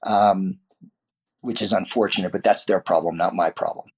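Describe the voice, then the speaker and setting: A man's voice: low voice, steady tone, moderate pace, darkish tone, husky. A man, a martial arts teacher, talking as a podcast guest in a loose, rambling way with many restarts and fillers. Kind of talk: podcast interview guest, casual talk.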